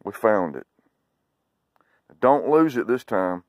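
A man's voice: lowish voice, very animated, takes it slowly, no echo. A man with a Southern US accent, chatting casually and coaxing his dog during a game of fetch outdoors. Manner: drawling, talks to his dog in short coaxing calls. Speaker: dog owner vlogger. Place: outdoors on a sunny day.

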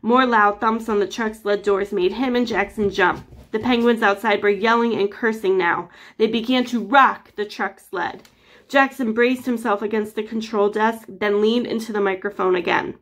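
A woman teacher reading a chapter book aloud to children with lively, expressive storytelling. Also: medium pitch, moderate pace.

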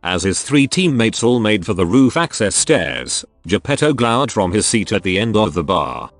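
Low synthetic male narrator voice. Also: big pitch swings, normal speed, no room sound, soft background music. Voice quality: synthetic text-to-speech voice. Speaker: story narrator. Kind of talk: text-to-speech story reading.

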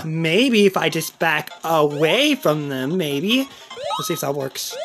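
High, lively woman yelling at a game. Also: moderate pace. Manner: swings between shrill frustrated yelling and low muttering; exasperated, swears under her breath. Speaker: gaming channel host. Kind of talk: let's-play commentary. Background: faint game music.

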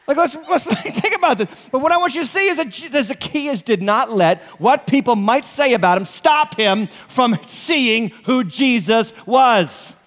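A male pastor with a New England accent preaching an animated sermon, joking and throwing rhetorical questions at the congregation in a church auditorium. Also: extremely high pitch, normal speed, few pauses. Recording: long hall reverb.

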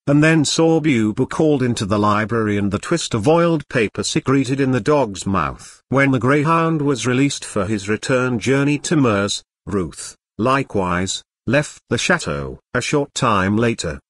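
A text-to-speech man's voice reading an audiobook narration, with lively, varied pitch. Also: normal speed, hardly any pauses, dry recording. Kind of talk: scripted narration.

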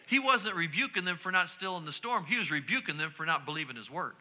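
A middle-aged male pastor delivers a sermon from the pulpit of a church. His voice sits high for a man and rings very bright and forceful. He drives home repeated refrains and climbs into sudden shouts. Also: lively intonation, fast talker, few pauses. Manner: preaching with call-and-response repetition and sudden shouts. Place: church sanctuary.

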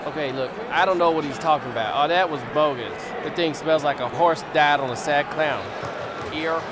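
Goofy high-voiced man over crowd noise. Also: normal speed. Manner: goofy, excitable, nonsense lines. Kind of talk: comedic overdub of sports footage.

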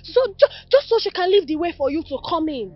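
A woman's voice: extremely high pitch, lively intonation, a little fast, muffled recording. An actress with a Nigerian accent playing an outspoken young woman who confronts a scheming friend. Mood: scolding. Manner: confrontational, scolding.

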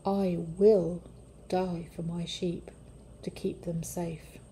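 A woman voicing a gentle, wise teacher in a children's story reading, soft and calm. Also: mid-range voice, slow, a little hiss or hum. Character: gentle wise shepherd-teacher, adult man.

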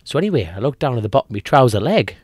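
A man co-hosting a podcast, telling a long joke in a lively, repetitive way. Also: mid-range voice, racing, no room sound, studio quality. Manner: animated storyteller, repeats himself, acts out voices. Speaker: podcast co-host.

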